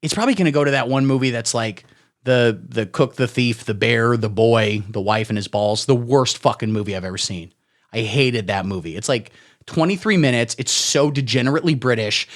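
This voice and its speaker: A young man hosting a satirical solo comedy show, talking in a crude, sarcastic, deadpan way. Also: medium pitch, fairly quick. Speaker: podcast host.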